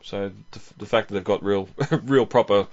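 A man with a fairly low voice talks through a film in a relaxed, rambling way, with lots of ums and a chuckle every few lines. He is the host of the show. The audio is dull and lo-fi. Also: normal speed. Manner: rambling, chuckles often, many fillers. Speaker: podcast host. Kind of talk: casual film commentary.

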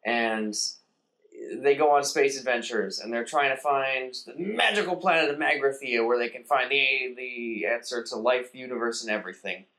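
Man animatedly retelling a movie. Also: medium pitch. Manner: animated retelling, acts out characters in quick voices. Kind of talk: casual chat.

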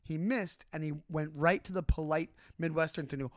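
High lively long island guy on a podcast, jumps into mocking voices, dry close sound. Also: normal speed, hardly any pauses, no echo. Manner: animated, acts out mocking voices. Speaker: podcast co-host. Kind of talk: casual chat.

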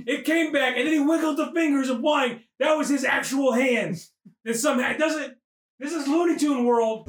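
High-voiced man shouting through a movie recap. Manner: profane, animated, often shouting. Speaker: podcast host. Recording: roomy, distant mic.

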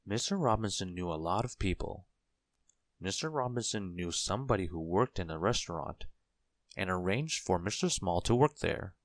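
A man reading a children's storybook aloud in a slow, gentle, clear storytelling manner. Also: sits low, dry recording. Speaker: narrator.

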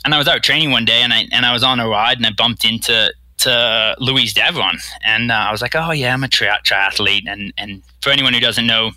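Bright rambling man from Bermuda. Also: mid-range voice, fairly quick, few pauses, no echo, low-quality recording. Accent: American-tinged. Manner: rambling, repeats words, acts out quotes. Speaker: guest, professional triathlete. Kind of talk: casual storytelling interview.

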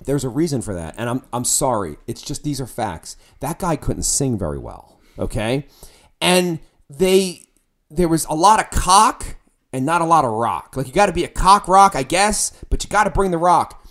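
A middle-aged man, a musician, telling a band story in casual podcast talk, animated and profane, acting out his own shouting. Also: a little high, normal speed.

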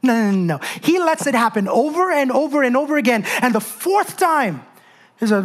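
A woman's voice: high voice, big pitch swings, normal speed. A woman preaching a sermon in an emphatic, conversational way, full of rhetorical questions and asides.

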